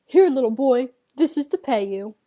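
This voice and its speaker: A woman voicing a stubborn little boy in a told folk tale, answering slowly and flatly. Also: sits high. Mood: bossy.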